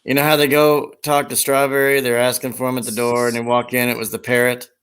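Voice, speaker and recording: A man's voice: little pitch movement, fast, fairly bright tone, clean tone. A man chatting casually at home, cracking jokes and retelling movie scenes. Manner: joking, retells film scenes with silly high voices. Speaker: conversation partner. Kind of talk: casual chat.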